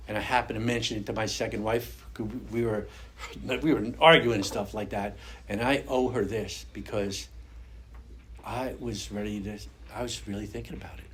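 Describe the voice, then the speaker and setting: A man's voice: on the low side, steady tone, normal speed, a little hiss or hum. An older man giving an earnest, conversational personal testimony at a recovery meeting, speaking to an audience in a meeting room. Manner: earnest, conversational, acts out quoted voices.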